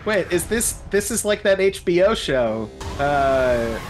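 A man's voice: on the high side, sing-song, takes it slowly, over music. A man co-hosting a livestream, joking casually over old television commercials. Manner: jokey, wisecracking. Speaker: stream co-host.

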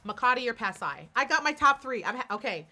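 A woman gives live reaction commentary that is sassy and emphatic. She repeats words over and over. Her voice is high and bright, and faint music plays behind her. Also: very animated, fast. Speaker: pageant reactor.

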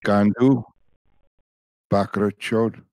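A man's voice: fairly low pitch, fairly even intonation, drawn-out words, a little mellow, dry recording. A man baiting a phone scammer, impatient and sarcastic, mocking the caller. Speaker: scambaiter. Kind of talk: prank call.

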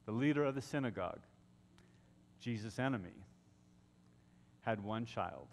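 Slow, dramatic pastor in a reverberant church. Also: male voice, on the low side, expressive, creaky. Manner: dramatic storytelling, dropping to hushed tones. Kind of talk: Easter sermon. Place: church sanctuary. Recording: long reverb of a church hall.

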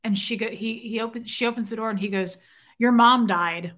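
A woman's voice: on the high side, quick pace. A young adult woman hosting her own show, casually retelling a personal encounter and acting out both sides of the conversation for her viewers. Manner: animated retelling with quoted dialogue and side remarks to chat. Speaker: host.

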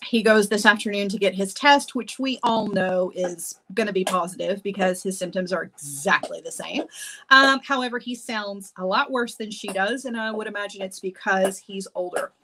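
A woman's voice: mid-range voice, moderate pace, bright, forceful tone, a little hiss or hum. A woman in her forties hosting a jewelry-making livestream from her home office, chatty and bubbly, laughing often as she rambles. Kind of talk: chatty live-stream talk.

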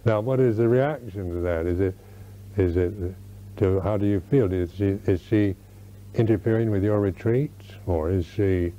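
An older American man, a Buddhist monk, giving a slow Dharma talk at a retreat, searching for words with many restarts. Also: lowish voice. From United States. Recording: dull lo-fi 1991 recording.

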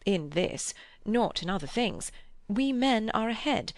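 A woman voicing an earnest, lecturing old man in an audiobook, with a gravelly tone. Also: on the high side, lively intonation, measured pace, no echo, studio quality, pitched above the performer's own voice.

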